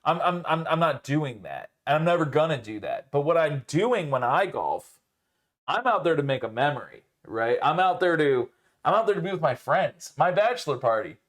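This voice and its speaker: A man's voice: fairly high pitch, big pitch swings, moderate pace, fairly bright tone. A young man co-hosting a podcast, telling rambling, profane stories in casual chat and leaning on filler words.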